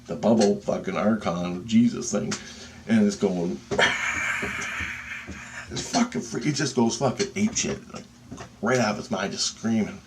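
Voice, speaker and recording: Low-voiced man telling a wild story. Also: background noise. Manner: excitable and profane, with pauses and restarts. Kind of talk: casual spoken storytelling.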